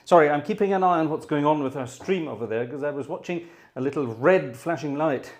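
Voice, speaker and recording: A man's voice: a little high, brisk. Breathless man chatting from a piano. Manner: chatty, self-deprecating, addresses the audience as ladies and gentlemen. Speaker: pianist hosting a live stream. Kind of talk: live-stream chat between pieces. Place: piano room at home.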